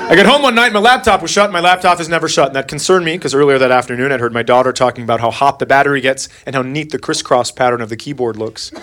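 A middle-aged man doing a stand-up routine, telling a story in a deadpan way with sudden exasperated outbursts. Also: medium pitch, fast talker, few pauses. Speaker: stand-up comedian. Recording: noisy live recording. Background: audience laughter.

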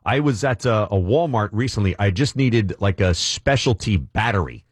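Low husky guy hosting morning radio, dry close studio sound. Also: expressive, moderate pace, no room sound. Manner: easygoing, chatty. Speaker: radio show host. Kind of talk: morning radio show banter. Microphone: studio mic.

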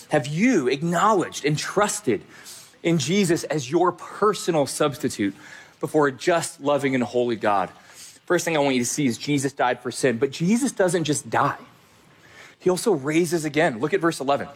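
A man preaching a sermon in a husky, slightly high voice. He speaks straight to his listeners and hammers points home through repetition. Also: lively intonation, moderate pace. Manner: emphatic, direct address, repeating key phrases. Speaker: pastor.

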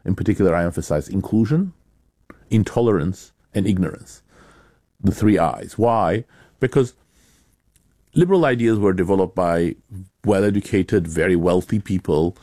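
A man, an author and academic, answering interview questions in a measured, explanatory way with bursts of emphasis. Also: deep voice, mellow, dry recording, clean studio sound.

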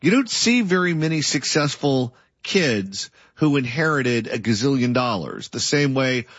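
A man's voice: medium pitch, expressive, unhurried, fairly bright tone, no echo. A man hosting a political interview, who lays out long lists of points before he asks his question. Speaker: interview host. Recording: dull lo-fi sound.

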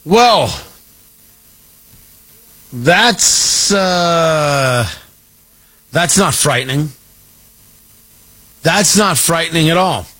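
A man hosting a talk radio show, giving an emphatic, mocking political commentary monologue with drawn-out stresses. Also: fairly high pitch, expressive, bright, forceful tone.

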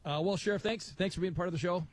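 A middle-aged man hosting a live radio talk show, telling an animated story and acting out the voices in it. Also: high-pitched, fast talker.

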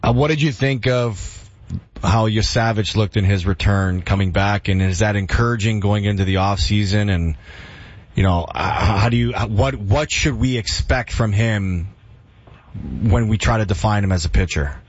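Low male co-host, joking and easy-going, slightly dull sound. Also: normal speed, no echo. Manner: joking, laughs easily. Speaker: sports radio co-host. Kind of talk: morning sports radio talk.

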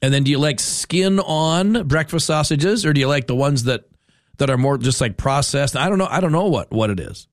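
A man hosting a talk radio show, rambling in an animated, self-mocking way from a studio mic. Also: on the high side, moderate pace, no echo. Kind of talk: casual talk radio monologue. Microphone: studio microphone.

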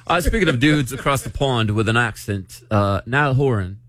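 A man's voice: medium pitch, moderate pace. A man hosting a morning radio show, chatting playfully with his co-hosts. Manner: playful, lively. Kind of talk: casual chat.

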